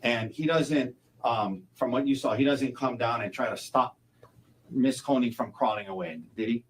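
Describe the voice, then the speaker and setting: A man plays a defense attorney cross-examining a witness in court, halting and repeating his words, and he wraps up each point with a leading question. His voice is medium-pitched and slightly rough, and the recording is rough too.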